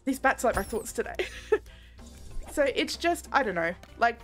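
A young woman streaming a game, chatting candidly and rambling in a soft-spoken way, laughing often. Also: on the high side, sing-song, moderate pace, faint music behind. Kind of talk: casual live-stream chat while gaming.

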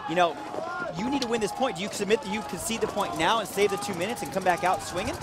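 A man doing jokey live play-by-play for a paintball match, laughing often and shouting at big plays. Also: high voice, fast talker, a loud crowd. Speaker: paintball commentator. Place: outdoor paintball field.

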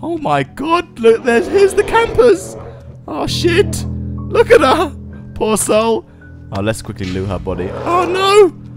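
A man giving jokey, casual gameplay commentary, yelling and joking at game animals. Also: very high-pitched, wildly swooping pitch, slow pace, over music. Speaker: gaming YouTuber.

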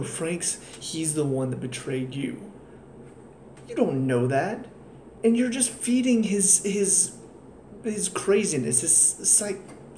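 A man's voice: on the high side, a little mellow, slight background noise. A man giving a casual spoken review of a TV episode, exasperated and sarcastic, sounding tired. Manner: exasperated, ranting, sarcastic asides. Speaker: TV show reviewer. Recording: roomy echo, faint ambience.

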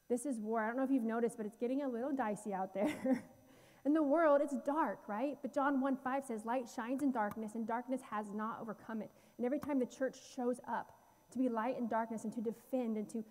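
A woman's voice: on the high side, mellow, big-room sound. A woman guest speaker giving a heartfelt church talk about slides, earnest and full of fillers and restarts. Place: church sanctuary.

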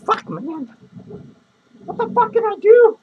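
A man's voice: extremely high pitch, very animated, takes it slowly, narrow, tinny audio, full character voice. A man playing a foul-mouthed, lonely, hungover female clown who rambles crudely, curses and cackles in a comedic character monologue. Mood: ranting. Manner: crude, rambling rants full of cursing and cackling laughs.

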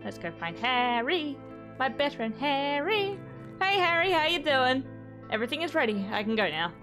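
A woman's voice: sits high, very animated, moderate pace, a bit bright, soft background music. A young woman giving playful let's play commentary, chatting to the game's characters as she goes. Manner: playful, talks to game characters. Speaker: gaming YouTuber.

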